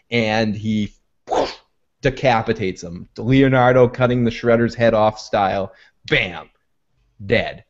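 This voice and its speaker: A man hosting a casual TV recap, telling the story with energy and slipping into quick voices for the characters. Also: mid-range voice. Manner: animated, acts out scenes in quick put-on voices. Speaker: show host. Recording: dull lo-fi recording.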